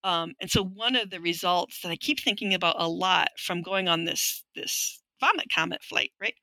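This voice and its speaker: A middle-aged woman talks as a guest in an interview, her voice bright and sharp. She tells her stories frankly and with dry wit. The sound is close and dry, with no room around it. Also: mid-range voice, no room sound, rough recording. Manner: frank, wry storytelling that acts out quoted voices. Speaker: guest, linguistics professor. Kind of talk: conversational interview.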